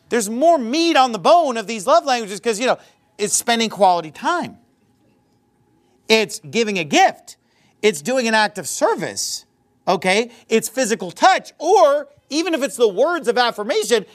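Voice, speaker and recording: A man preaching a sermon, quoting scripture in old wording and explaining it with lively asides. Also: sits high. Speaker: pastor.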